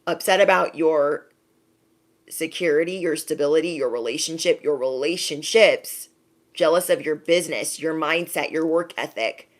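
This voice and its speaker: A woman talks straight to her viewers in a casual spiritual pep talk. She drives each point home by repeating phrases and checking in with a quick "okay?". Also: low voice. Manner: emphatic, repeats phrases, direct address with frequent "okay?". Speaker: spiritual reader.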